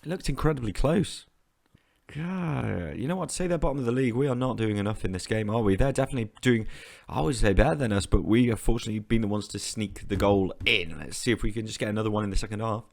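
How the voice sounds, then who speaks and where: A man giving animated, exasperated commentary as he plays a football management game, often repeating himself. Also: fairly low pitch, fast, creaky. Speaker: gaming YouTuber.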